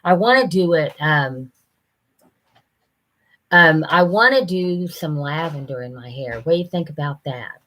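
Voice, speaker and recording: An older woman, chatting casually on a live stream, rambling and halting with lots of fillers. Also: low-pitched, lively intonation, a bit bright. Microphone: computer camera mic.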